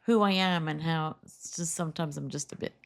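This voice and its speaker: A middle-aged woman co-hosting a podcast, chatting casually and telling lively stories, acting out what customers said. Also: low voice, fairly quick, vocal fry. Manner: chatty storyteller, acts out customers' lines. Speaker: podcast co-host. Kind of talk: casual chat.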